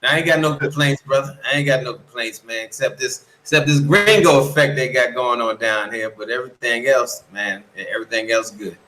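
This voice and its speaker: Blunt, bright-voiced man in an echoey room. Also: mid-range voice, a little fast, few pauses, slight background noise. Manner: blunt, profane storytelling. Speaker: guest. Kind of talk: casual chat. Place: lives in the Dominican Republic.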